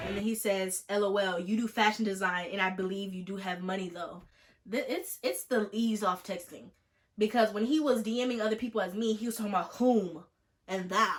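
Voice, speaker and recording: A woman in her twenties telling a story in a casual vlog, jokey and animated, acting out a text exchange. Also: mid-range voice, a little fast. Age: 20s. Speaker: vlogger.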